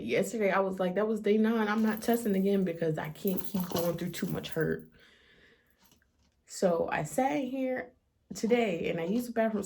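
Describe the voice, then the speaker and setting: A woman's voice: lowish voice, gravelly, darkish tone. A woman speaking emotionally to her vlog audience, near tears as she confides. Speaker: vlogger. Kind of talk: personal vlog confession.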